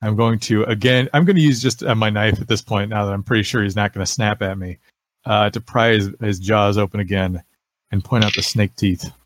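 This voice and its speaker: A man playing a tabletop horror game, animated and asking many questions, stumbling into restarts. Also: on the low side, a little fast, no echo. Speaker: player. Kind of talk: tabletop game play over voice chat.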